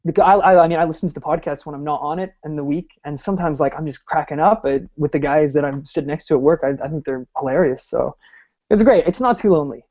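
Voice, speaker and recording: A man's voice: on the high side, fast, darkish tone, highs cut off. A man from Ireland, a guest on a podcast, chatting in a rambling, self-deprecating way with lots of fillers. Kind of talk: casual podcast chat.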